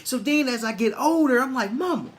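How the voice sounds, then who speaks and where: A man's voice: extremely high pitch, a little fast. A man from Arkansas, giving a motivational monologue in a preachy, repetitive way with many restarts. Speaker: motivational speaker.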